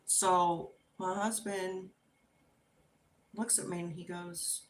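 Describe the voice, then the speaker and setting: A middle-aged woman hosting a livestream, chatting casually and telling an unhurried story with laughs while she crafts. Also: on the low side, roomy sound, slight background noise. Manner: animated and expressive when acting out quotes. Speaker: livestream host.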